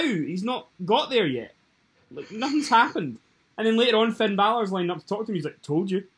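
A man co-hosting a podcast in casual chat, talking in a chatty, halting way with frequent restarts. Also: on the high side. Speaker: podcast co-host.

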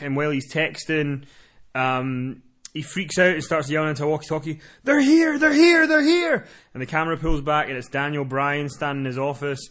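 A man's voice: mid-range voice, fairly bright tone. Profane man recapping wrestling. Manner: profane, laughing, recaps plot in long runs. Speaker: wrestling podcast co-host. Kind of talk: casual chat, recapping a show.

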